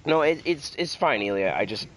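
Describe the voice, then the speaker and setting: A man chatting on his live stream through a headset, telling stories in an animated way and swearing freely. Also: medium pitch, normal speed. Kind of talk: casual chat on a live stream.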